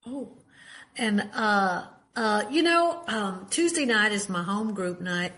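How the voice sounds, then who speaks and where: An older Texan woman talks to a recovery meeting in a warm, folksy drawl. She rambles a little, with many fillers and false starts, like she's chatting with friends. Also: mid-range voice, lively intonation, slow pace. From Texas. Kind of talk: personal share at a meeting.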